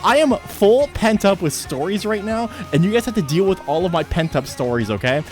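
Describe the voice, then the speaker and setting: A young man chatting with his livestream chat, excitable, swearing freely and repeating himself at home. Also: sits high, brisk, soft background music. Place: home streaming setup.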